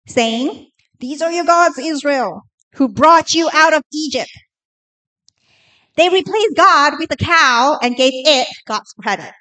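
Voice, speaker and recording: A woman preaching a sermon in a lively, conversational way, asking the listeners questions. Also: high voice, low-quality recording.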